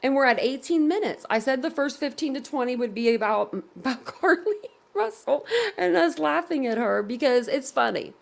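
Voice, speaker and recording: A woman's voice: sits high, lively intonation, moderate pace, vocal fry. Giggly woman hosting a live stream. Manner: giggly, laughs often. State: laughing to tears. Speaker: livestream host. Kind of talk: casual live reaction chat. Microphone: computer at desk.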